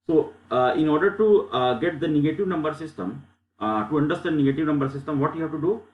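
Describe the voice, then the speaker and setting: A man gives a slide lecture in a fairly high voice. He works through each step patiently and repeats the rules as he goes. The recording carries a clear echo from the room. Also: fast, narrow, tinny audio. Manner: step-by-step explaining, repeats phrases.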